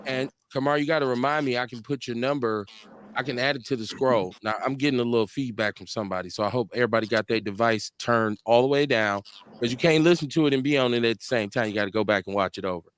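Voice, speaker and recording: A man hosting a casual livestream talk show, joking around and reading viewer comments aloud in a relaxed way. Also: mid-range voice, fast talker, smooth. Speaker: host.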